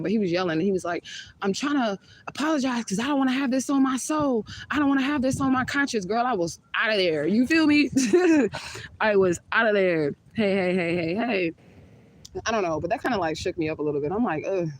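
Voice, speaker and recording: A woman's voice: on the low side, slight background noise, rough recording. A woman vlogger telling a personal story to her viewers in a candid, chatty way, swearing freely. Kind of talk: casual storytime vlog.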